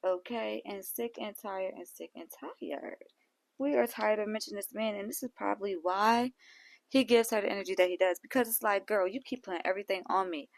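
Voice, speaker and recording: A woman's voice: medium pitch, normal speed, vocal fry. A woman hosting a reality show recap, talking in a sassy, blunt way full of slang. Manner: sassy and blunt, heavy on slang like "girl" and "sis". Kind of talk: casual recap commentary.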